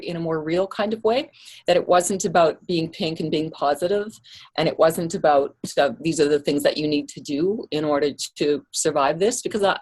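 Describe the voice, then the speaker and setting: A woman author and artist talking openly in a remote interview, self-deprecating and relaxed, her voice a little lower than most. She speaks through a plain computer microphone rather than a headset, over a video call. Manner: candid, self-deprecating, frequent fillers and laughs. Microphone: computer mic without headset on a video call.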